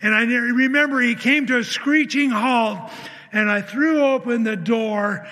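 This preacher's voice is very high, pushed, and bright, and he speaks unhurriedly. In his sermon he tells a personal story with earnest feeling, voicing the dialogue and often beginning sentences again, all in long hall reverb.

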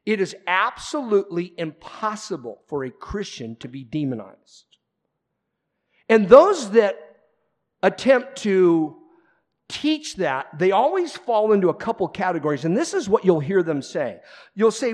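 A man preaching from the pulpit in a somewhat high voice. He talks to the congregation in a plain, conversational way, then presses hard on his points with loud, emphatic bursts before dropping into quiet asides. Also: lively intonation, moderate pace. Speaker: pastor. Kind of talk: sermon.

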